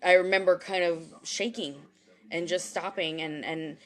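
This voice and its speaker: Speaking at a normal pace in a rather low, fairly even voice, a woman in her forties shares a personal story during her home livestream as a spiritual reader. She rambles emotionally, uses lots of fillers and swears often, recorded on a phone or webcam.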